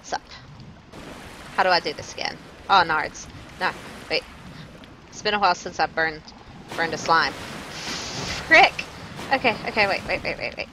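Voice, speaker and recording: A woman's voice: on the low side, expressive, measured pace, long pauses, noisy background. A young woman streaming a video game live, chatting with her viewers and joking as she panics at what happens on screen. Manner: jokey, panicky, talks to chat. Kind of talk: live gameplay commentary.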